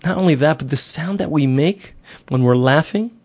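A middle-aged man teaches a Torah lesson in a somewhat high voice. He explains earnestly, circling back over his points and posing rhetorical questions as he goes. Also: normal speed, a little mellow.

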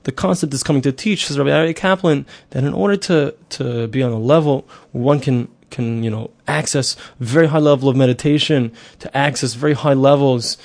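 A man's voice: medium pitch, steady tone, brisk, gravelly, hardly any pauses, a little mellow. A middle-aged man giving a spoken Torah lesson, explaining earnestly, repeating himself and asking rhetorical questions. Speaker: Torah teacher.

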